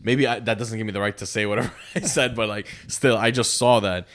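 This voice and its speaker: A man's voice: lowish voice, fairly even intonation, fairly quick, a bit bright. A young man from Lebanon chatting casually on a podcast, rambling with lots of fillers. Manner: rambling, lots of fillers, breaks into put-on accents.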